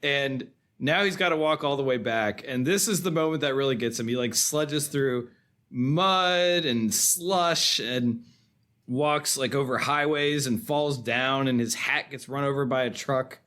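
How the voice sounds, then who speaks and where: A man's voice: mid-range voice, normal speed, few pauses, fairly bright tone. Guy cohosting a movie podcast, regular mid voice, chatty and laid back, laughs now and then. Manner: conversational, chuckles while recounting scenes. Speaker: podcast co-host. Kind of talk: casual film discussion.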